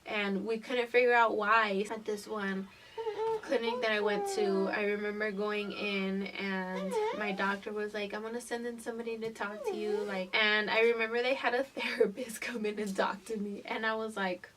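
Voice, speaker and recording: A woman's voice: medium pitch, flat delivery, moderate pace, far from the mic, background noise. Profane young woman telling a story. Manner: casual and profane, laughing through the story. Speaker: vlogger. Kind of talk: casual storytime vlog.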